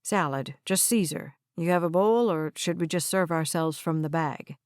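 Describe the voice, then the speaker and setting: A woman's voice: low voice, normal speed, no room sound, pitched below the performer's own voice, lightly acted. A woman voicing a friendly, slightly bashful young man in an audiobook, recorded dry.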